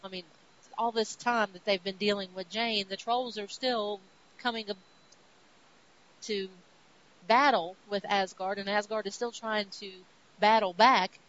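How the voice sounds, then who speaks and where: A woman's voice: medium pitch, fairly even intonation, a little slow, a bit bright. A woman hosting a podcast who recaps comic books in a chatty storytelling way and acts out the characters as she goes. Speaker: podcast host. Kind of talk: casual comic book recap. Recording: dull sound with faint hiss.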